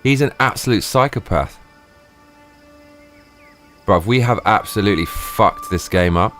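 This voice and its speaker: A man live streaming, ranting and swearing in excited bursts. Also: fairly low pitch, measured pace, soft background music. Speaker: livestreamer.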